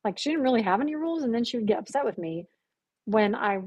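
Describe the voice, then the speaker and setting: A woman guest on a podcast telling a personal story in conversation, animated and acting out the voices she quotes with gasps. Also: a little high, quick pace, breathy edge, dry recording, highs cut off.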